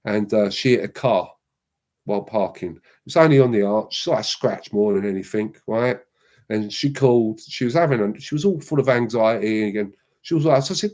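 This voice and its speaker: Slangy middle-aged bloke telling stories. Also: male voice, medium pitch, a little fast. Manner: rambling, slangy, lively anecdotes. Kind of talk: casual storytelling chat.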